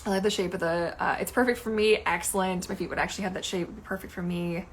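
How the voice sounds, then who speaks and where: A woman in her thirties chatting casually as a mermaid vlogger, animated and gushing, swearing casually now and then. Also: on the low side, quick pace, roomy sound, slight background noise. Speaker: mermaid vlogger reviewing gear. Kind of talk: casual livestream chat.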